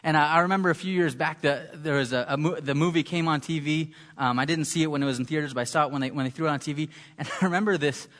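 A man preaching a sermon, talking in a halting way and often repeating words as he searches for them. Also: on the high side, a bit bright.

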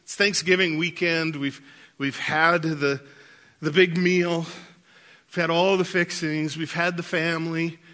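A man preaching a sermon, telling lively childhood stories and laughing through them. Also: fairly high pitch, unhurried. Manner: animated storyteller, laughs through anecdotes. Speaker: pastor. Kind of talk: sermon with storytelling.

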